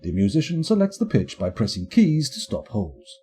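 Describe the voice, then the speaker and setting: A man's voice: medium pitch, wildly swooping pitch, fairly quick, warm tone, breathy edge, faint music behind. A man streaming a game live, rambling and playful as he thinks aloud.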